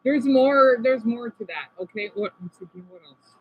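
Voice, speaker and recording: High-voiced rambling male vlogger. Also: moderate pace. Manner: rambling, apologetic, playful asides. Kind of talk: casual chat reacting to videos. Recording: slightly dull, faint background noise.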